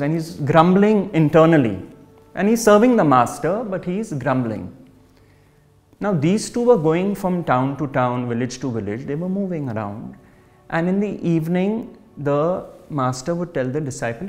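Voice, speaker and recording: A man giving a spiritual talk, telling jokes and anecdotes in a relaxed storytelling manner. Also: fairly high pitch, measured pace, faint music behind. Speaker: spiritual speaker.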